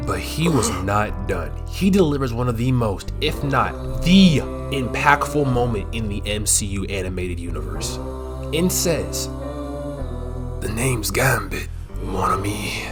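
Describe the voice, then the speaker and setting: A man recaps a show for laughs in a loose, slangy voice. His pitch jumps around a lot, and he bursts out loudly now and then. Clear background music plays under him. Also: measured pace. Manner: slangy, animated, swings to loud outbursts. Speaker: recap commentator. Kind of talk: comedic show recap narration.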